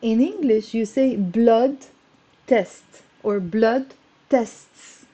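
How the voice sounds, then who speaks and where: A woman teaching Arabic on a live stream, chatty and encouraging, greeting viewers and drilling words slowly. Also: fairly high pitch, warm tone. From Lebanon. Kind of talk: live-streamed language lesson. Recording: dull lo-fi stream audio.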